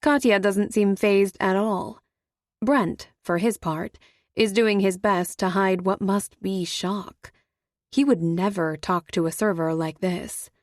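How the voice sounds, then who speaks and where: A woman's voice: medium pitch, takes it slowly, no room sound. Dry, close female audiobook narrator. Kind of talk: first-person audiobook narration.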